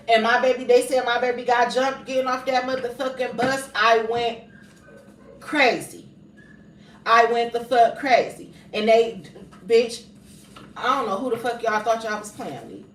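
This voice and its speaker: A woman's voice: a little high, fairly bright tone. A woman, a mother telling a heated story on a livestream, profane and repeating herself for emphasis. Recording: roomy sound, distant from the mic, faint background noise.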